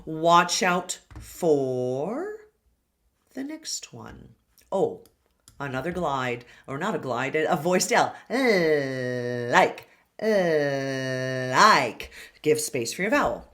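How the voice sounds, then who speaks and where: Slow, careful woman pronunciation coach. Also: deep voice, big pitch swings. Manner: models sounds slowly and clearly, with whispered and hummed demonstrations. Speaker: singing and pronunciation teacher.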